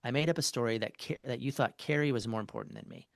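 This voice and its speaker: A man's voice: medium pitch, wildly swooping pitch, quick pace, vocal fry, no room sound. A man, a marriage therapist, talking as a podcast guest in a loose, conversational way, full of fillers and restarts as he walks through an example. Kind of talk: casual interview conversation.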